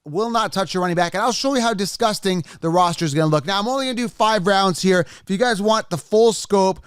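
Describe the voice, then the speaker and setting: Energetic higher-voiced male podcast host. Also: quick pace, clear, resonant tone, no echo, studio quality. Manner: energetic, repetitive, salesy. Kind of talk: casual podcast talk with ad reads. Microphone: studio microphone.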